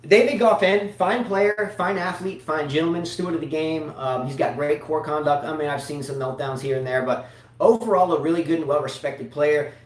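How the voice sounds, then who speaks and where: A man's voice: a little high, brisk. A man co-hosting a casual tennis show, talking in long rambling runs with many restarts. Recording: echoey room, mic at a distance.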